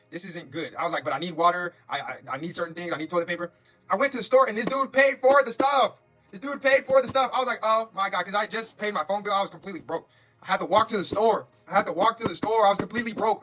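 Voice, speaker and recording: Fast-talking excitable male tarot reader. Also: sits high, faint music behind. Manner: fast, repetitive, emphatic and excitable; spiritual, preacher-like affirmations. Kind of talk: live-streamed tarot reading.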